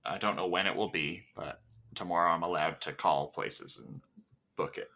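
A man's voice: low voice, moderate pace, creaky, bright, forceful tone. A man co-hosting a movie podcast, chatting casually with a joking, sarcastic manner. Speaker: podcast co-host. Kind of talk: casual chat.

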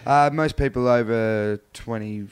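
Laid-back Australian bloke chatting. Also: male voice, mid-range voice, a little slow, clear, resonant tone. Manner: laid-back, self-mocking, lots of "yeah, totally". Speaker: guest, actor and charity unicyclist. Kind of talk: casual radio chat.

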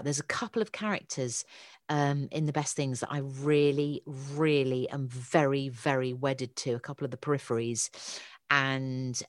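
A woman's voice: low voice, dry recording, clean studio sound. A woman, a guest author chatting casually, enthusiastic and self-deprecating with emphatic repeats. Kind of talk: casual chat.

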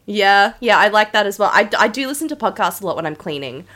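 Loud, excitable woman podcaster, lively pitch. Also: fast talker. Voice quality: very loud, laughs often, excitable. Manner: shrieking bursts of laughter, swears. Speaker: podcast co-host. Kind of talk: casual chat.

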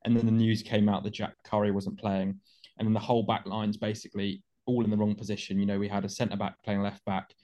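Fast, opinionated man. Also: fairly low pitch, level tone, dark tone. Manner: opinionated, stumbling repeats. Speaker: returning guest. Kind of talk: casual football podcast chat.

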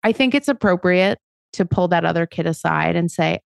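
A woman's voice: on the low side, moderate pace, vocal fry, clear, resonant tone, no room sound, studio quality. A middle-aged woman co-hosting a podcast, talking through parenting questions in a conversational way. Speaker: podcast co-host. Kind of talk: casual parenting discussion.

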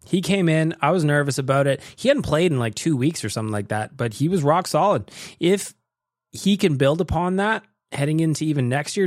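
Man, podcast host, joking casual chat, slightly high voice, dry close mic. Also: no room sound. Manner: joking, animated, laughs often.

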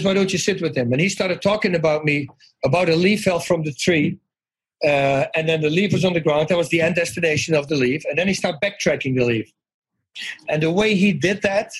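A man telling personal stories as an interview guest, animated and acting out the voices of people he quotes. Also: fairly high pitch, breathy edge, poor audio. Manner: animated, acts out quoted voices, restarts often. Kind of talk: conversational storytelling.

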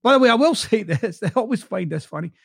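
A man with a softened Glasgow Scottish accent hosts a podcast, coaching listeners in a blunt, direct way and swearing freely. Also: sits high, lively intonation, fast, gravelly, slightly rough, no echo, studio quality. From Scotland. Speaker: podcast host. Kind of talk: motivational podcast monologue.

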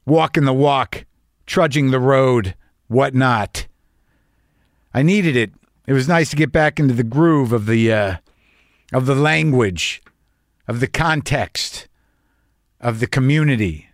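A man's voice: mid-range voice, takes it slowly, long pauses, dry recording, clean studio sound. A man in his fifties from New Mexico, hosting a show with a casual, wry, confessional monologue full of swearing. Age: 50s. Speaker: podcast host.

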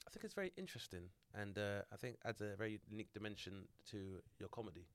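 A man, hosting a podcast and asking measured, thoughtful questions in casual chat. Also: lowish voice, very animated, dry recording. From South East London. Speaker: podcast host.

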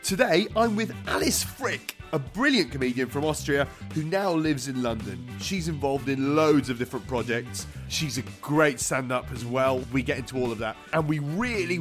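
A man's voice: mid-range voice, moderate pace. A man hosting a comedy podcast, chatty and upbeat with jokey asides. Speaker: podcast host. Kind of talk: podcast intro and interview. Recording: music bed behind voice.

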